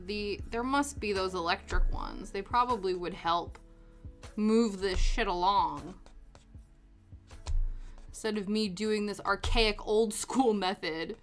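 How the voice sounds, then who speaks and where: A young woman chatting casually while she crafts on a stream, self-deprecating and quick to laugh, with soft music playing behind her. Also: medium pitch. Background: soft background music.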